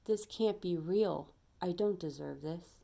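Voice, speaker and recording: A woman's voice: lowish voice, slow pace, gravelly, dark tone, heavily acted. A woman voicing a downtrodden man in a parable who doubts he deserves anything good. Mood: dejected.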